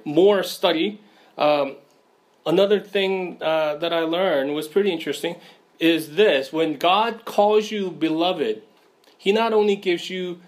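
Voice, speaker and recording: A man giving an informal sermon, with many fillers and frequent "right?" checks. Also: fairly high pitch. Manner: casual, many fillers, asks "right?" often.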